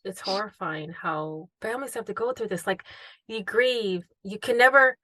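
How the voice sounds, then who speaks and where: A woman's voice: mid-range voice, normal speed, sharp tone, no echo. A woman hosting a podcast interview, speaking in an emphatic, indignant way. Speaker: podcast host. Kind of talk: interview conversation.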